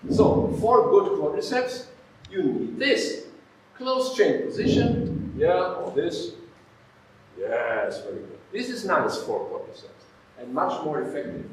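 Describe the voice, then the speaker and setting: A physiotherapy lecturer gives a live, emphatic talk to a workshop audience, checking in often with "okay?" and "yeah?". His voice is a little high, and since he's far from the mic in an echoey hall, the recording has a little hiss or hum.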